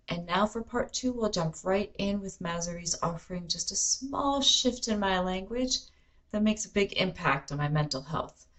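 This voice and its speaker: A woman's voice: lowish voice, fairly bright tone, rough recording. Woman reading a podcast intro. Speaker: podcast host. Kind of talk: scripted intro narration.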